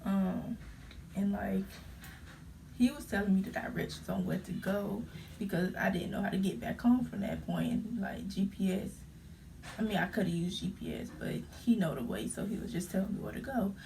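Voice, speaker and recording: A young woman retelling a frightening car crash in a casual storytime vlog, halting and full of fillers as she holds back tears. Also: medium pitch, gravelly, dark tone, recorded from a distance, slight background noise. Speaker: vlogger.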